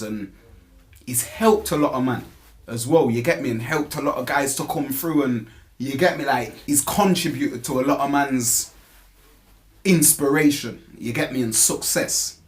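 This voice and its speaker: A man's voice: mid-range voice, normal speed. A young man, answering interview questions in a casual, slang-heavy way. He keeps tagging on "you get me" and stumbles over repeated words as he gets going. He talks as a grime MC and stresses his points. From England. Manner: emphatic, repeats words when starting.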